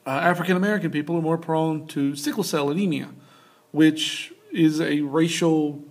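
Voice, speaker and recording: Casual higher-voiced male teacher. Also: moderate pace. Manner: casual, loose, many fillers and restarts. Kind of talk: recorded lecture over slides.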